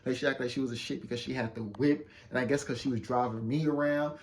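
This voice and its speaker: A young man telling a casual storytime to his viewers in a loose, slangy, boastful way. He keeps checking in with the listener and gets loud and excited when he retells an argument. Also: medium pitch, fast, a little hiss or hum. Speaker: vlogger.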